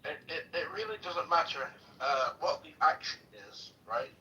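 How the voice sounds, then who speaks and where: A man's voice: a little high, expressive, moderate pace, pushed and bright, muffled recording. A man moderating a casual debate in an online audio room, argumentative and often repeating words as he presses his point. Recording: distant mic with faint hiss.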